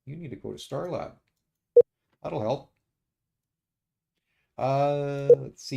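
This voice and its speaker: Gravelly man muttering through a strategy game. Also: mid-range voice, big pitch swings, a little hiss or hum. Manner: muttering to himself, halting with many uhs. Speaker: streamer playing a strategy game. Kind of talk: casual let's-play commentary.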